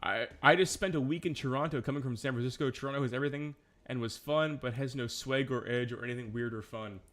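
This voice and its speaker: A man's voice: medium pitch, quick pace, fairly bright tone. A man chatting casually on a live stream, rambling, swearing and correcting himself as he goes. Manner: loose rambling talk with profanity and self-corrections.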